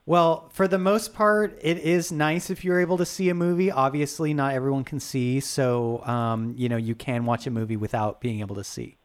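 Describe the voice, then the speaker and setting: A man guesting on a comedy radio show as a movie reviewer, talking in a slow, rambling, awkward way. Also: medium pitch, fairly even intonation, clear, resonant tone.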